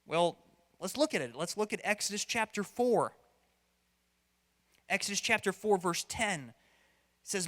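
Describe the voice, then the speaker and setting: A man's voice: high voice, animated, unhurried, pauses often, a bit bright, long reverb tail. A man preaching a sermon as pastor, conversational and playful, now and then acting out voices. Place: church hall.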